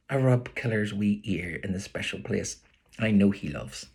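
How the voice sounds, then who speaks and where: A man with a Belfast accent, an author reading his own novel aloud as expressive first-person storytelling. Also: fairly low pitch, normal speed, vocal fry, breathy edge.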